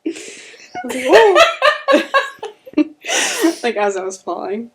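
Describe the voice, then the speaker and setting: A woman's voice: mid-range voice, a little fast, a little hiss or hum. A young woman co-hosting a podcast, telling a story in casual chat and laughing as she talks. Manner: animated, laughing through her telling. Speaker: podcast co-host.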